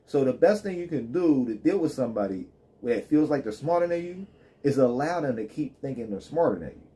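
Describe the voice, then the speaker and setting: A man's voice: mid-range voice, lively intonation, fairly quick, mellow. A man live streaming, ranting in loose, joking street slang with plenty of swearing. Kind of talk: casual profane rant.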